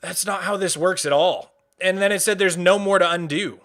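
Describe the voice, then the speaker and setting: Exasperated high bright male streamer. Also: moderate pace. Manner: exasperated, repeats "dude" and "bro". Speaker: Minecraft streamer. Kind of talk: frustrated gameplay commentary.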